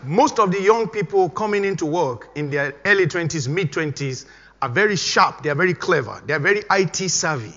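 A man's voice: a little high, lively intonation, fairly quick, bright, forceful tone. A middle-aged man from Nigeria, preaching a sermon as pastor, emphatic and repeating his exhortations. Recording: dull recording with long hall reverb.

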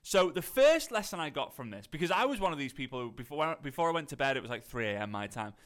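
A man's voice: on the high side, big pitch swings, quick pace, fairly bright tone. Male coach, Liverpool accent, casual motivational talk full of restarts. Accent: Scouse (Liverpool). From Liverpool area, England. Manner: chatty, rambling, frequent "right?" and restarts.

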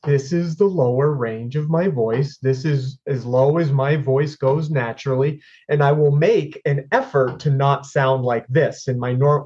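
A man's voice: mid-range voice, darkish tone, dull audio. A man hosting a podcast, chatting casually and reflecting on his own speaking voice. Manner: conversational, self-reflective. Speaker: podcast host.

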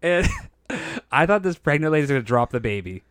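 A man's voice: fairly high pitch, very animated, a little fast, a bit bright, smooth, no room sound, clean studio sound. A man casually telling a story on a podcast, acting out quotes and laughing often, a bit nasal from a hurt nose.

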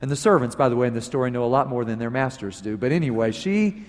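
A man preaching a sermon as pastor, telling a story with animated emphasis, his voice swinging from loud peaks to low asides. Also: rapid-fire. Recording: long reverb of a large hall.

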